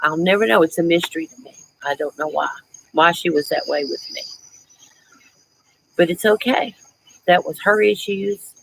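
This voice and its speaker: A woman's voice: low voice, vocal fry, low-quality recording. A middle-aged woman hosting a casual live chat, talking in a reflective, chatty way and breaking into laughs. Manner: chatty, reflective, laughs often, greets viewers warmly. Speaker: livestream host.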